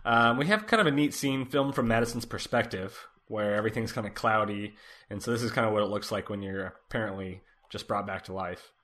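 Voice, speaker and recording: Guy chatting casually about an episode, lowish voice, easygoing, lots of "like". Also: fairly quick. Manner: relaxed, lots of "like" and "kinda" fillers. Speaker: podcast co-host. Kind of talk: casual chat recapping a TV episode.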